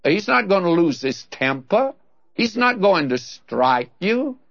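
Lively man teaching a Bible verse. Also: high-pitched, slow, vocal fry, dull audio. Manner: earnest, conversational preaching that speaks straight to the listener.

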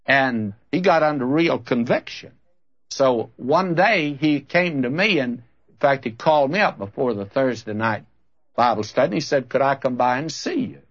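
Guy preaching a sermon, tells stories, animated up-and-down delivery, kinda husky. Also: mid-range voice, moderate pace. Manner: storytelling, acts out both sides of a conversation; reads scripture aloud. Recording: dull lo-fi recording.

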